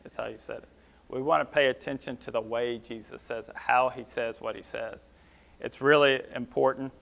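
A male pastor teaching from scripture in an easygoing, conversational manner. His voice sits at an ordinary middle pitch, and he talks plainly with a few fillers. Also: steady tone, normal speed, vocal fry, a bit bright. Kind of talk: sermon teaching.

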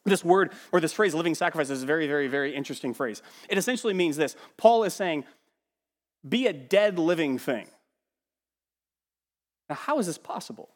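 Animated preacher with a high-ish voice. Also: male voice, fast talker, few pauses, in a large hall. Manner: animated preaching with sudden drops to quiet asides; emphatic, repeats words while building a point. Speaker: pastor. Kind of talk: sermon.

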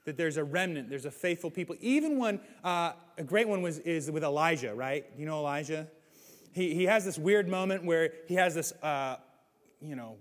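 A man preaching a sermon as pastor, animated, swinging between loud, excited stretches and hushed ones. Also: on the high side. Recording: hall reverb.

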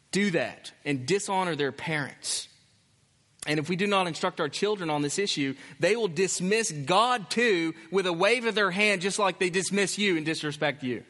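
Bright-voiced male preacher, emphatic. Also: high-pitched, long reverb tail. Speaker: pastor. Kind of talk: sermon. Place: church.

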